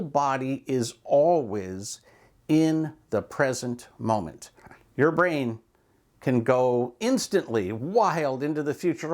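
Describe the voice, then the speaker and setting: A man's voice: a little high, expressive, measured pace, darkish tone. A man, a speaker and coach, talking casually and reflectively about mindfulness, with loose asides and examples of self-talk.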